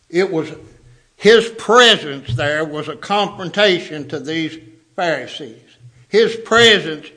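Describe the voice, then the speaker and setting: A man's voice: a little high, pushed and bright. A man preaching a sermon, emphatic, repeating words for stress.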